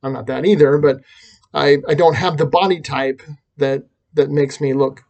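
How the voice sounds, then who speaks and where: A man's voice: on the high side, fairly even intonation, moderate pace, a little mellow. A man talking through a reflective personal vlog, rambling and self-deprecating, with frequent restarts. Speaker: vlogger and teacher.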